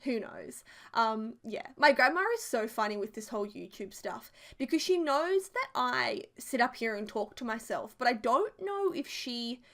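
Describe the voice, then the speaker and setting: A woman's voice: high-pitched, a bit bright. A young Australian woman in her twenties, telling rambling, giggly stories in a casual voiceover chat. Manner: chatty, rambling, giggly storytelling. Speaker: YouTuber.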